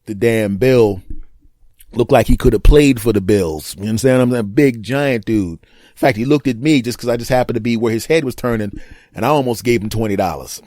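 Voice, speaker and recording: A man hosting his own comedic podcast, telling stories in an animated way and laughing at his own jokes. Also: mid-range voice, brisk, dry recording, clean studio sound. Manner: animated storytelling with laughs and mock voices. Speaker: podcast host. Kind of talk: solo comedic podcast monologue.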